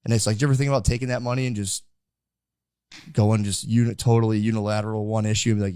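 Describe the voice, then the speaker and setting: A man's voice: on the low side, little pitch movement, racing, a little mellow, clear, resonant tone. A young man hosting a casual podcast interview, rambling with lots of fillers. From United States. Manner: rambling, filler-heavy with many likes. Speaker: podcast host.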